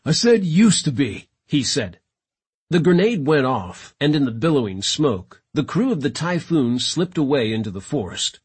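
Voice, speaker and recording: A man reading a sci-fi audiobook in a dramatic, expressive narration. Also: mid-range voice, normal speed, breathy edge. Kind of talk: scripted narration.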